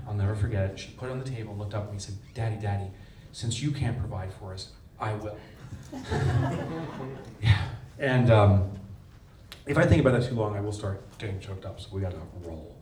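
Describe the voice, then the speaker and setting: Man, keynote speaker, emotional storytelling, middle pitch, distant mic, echoey hall, faint rumble. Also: a little fast, darkish tone. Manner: emotional storytelling, pitch rising sharply on punchlines. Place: large conference hall.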